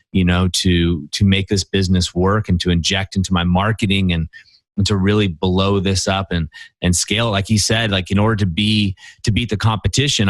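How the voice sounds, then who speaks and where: A man's voice: lowish voice, no room sound. A man hosting a men's coaching podcast, telling stories emphatically with lots of "you know" and "right?". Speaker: podcast host. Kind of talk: conversational coaching talk.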